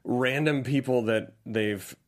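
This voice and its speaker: A man's voice: medium pitch, takes it slowly. A man co-hosting a casual movie review podcast, laughing often and acting out scenes in goofy voices. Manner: animated, laughs often, acts out lines in silly voices. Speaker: podcast co-host.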